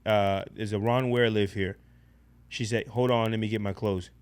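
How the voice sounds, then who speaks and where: A man casually telling a personal story in a blunt, profane, animated way as a podcast guest. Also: on the low side, moderate pace, smooth.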